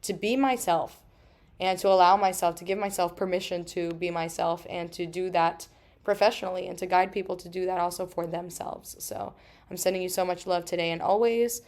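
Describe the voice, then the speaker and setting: A woman's voice: lowish voice, steady tone, a little mellow. Emphatic, swearing woman podcast host. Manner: emphatic and swearing, quick asides. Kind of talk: solo podcast monologue.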